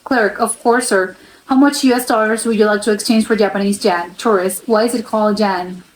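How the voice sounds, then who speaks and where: A woman's voice: medium pitch, fairly even intonation, brisk, echoey room, slight background noise, poor audio. A woman from the United States hosting a reaction video, reading posts aloud and adding chatty, laughing asides.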